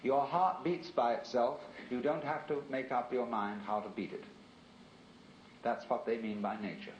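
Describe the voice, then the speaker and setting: A man giving a philosophical lecture in a measured, reflective and rhetorical way. The recording is an archival lecture tape. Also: mid-range voice, steady tone, reverberant, highs cut off, a little hiss or hum.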